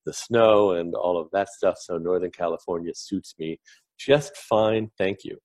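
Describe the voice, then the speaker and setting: Low-voiced chatty man, joking. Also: measured pace, darkish tone. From Northern New Jersey, USA. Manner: chatty, self-deprecating jokes. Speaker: guest, clinical consultant. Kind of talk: relaxed interview chat.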